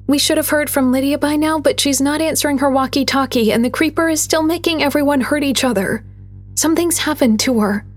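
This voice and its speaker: Woman does brave little girl, higher, breathy, pleading fast. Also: a little mellow, soft background music. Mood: urgent, pleading. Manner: urgent, pleading.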